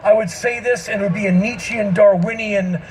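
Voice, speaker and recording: A man in his fifties telling a comic story on an outdoor festival stage into a stage microphone, emphatic and breaking into shouts. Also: high-pitched, steady tone, normal speed, slight background noise, poor audio. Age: 50s. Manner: emphatic, bursts into shouting, mimics people. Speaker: spoken-word performer. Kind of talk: stand-up storytelling.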